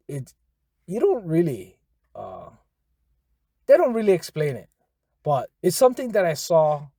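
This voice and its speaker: Man, casual language teacher; animated pitch, dry close sound, repeats and spells words patiently. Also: dry recording. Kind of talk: casual spoken language lesson.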